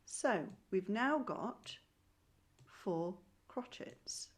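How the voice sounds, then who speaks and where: A woman's voice: medium pitch, lively intonation, extremely slow. A woman teaching a primary school music lesson online, patient and encouraging, clapping and chanting rhythm syllables. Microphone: screen-shared video call.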